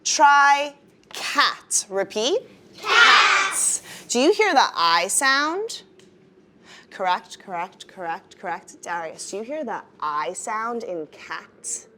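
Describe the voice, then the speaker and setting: A woman's voice: mid-range voice, noisy background. A woman teaching a first-grade phonics lesson in a classroom, leading the class in call-and-response. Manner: animated, drawn-out teacher voice with call-and-response prompts.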